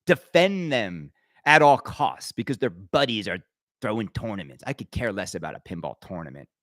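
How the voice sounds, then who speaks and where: A man hosts his own podcast, ranting his opinions emphatically and rambling with frequent stammered restarts. His voice sits on the low side and is very animated and a bit bright, at a moderate pace. The studio sound is clean with no echo.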